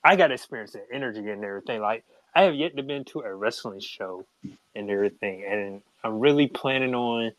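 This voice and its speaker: A man's voice: medium pitch, fairly quick, dry recording, poor audio. A man from Atlanta, chatting casually as a guest, laid-back with slang. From Atlanta, USA. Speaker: listener guest. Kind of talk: casual chat.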